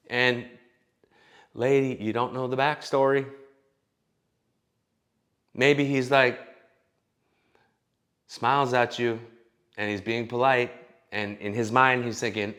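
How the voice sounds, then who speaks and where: A man's voice: mid-range voice, takes it slowly, long pauses, a bit bright. Blunt, opinionated man. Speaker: vlogger giving dating advice. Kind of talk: casual opinion rant.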